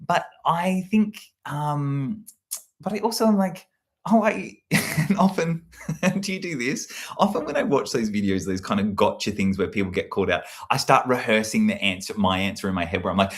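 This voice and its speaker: A man chatting casually and rambling, with lots of fillers, hosting a live stream. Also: moderate pace. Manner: meandering, animated, lots of fillers, jumps to shrill put-on quotes. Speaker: livestream host.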